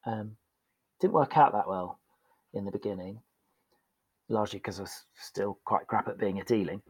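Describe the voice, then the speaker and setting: A man's voice: fairly low pitch, moderate pace, breathy edge, no echo, poor audio. A man telling a candid, self-deprecating story as a guest in a casual podcast interview. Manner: candid and self-deprecating, acts out quoted voices.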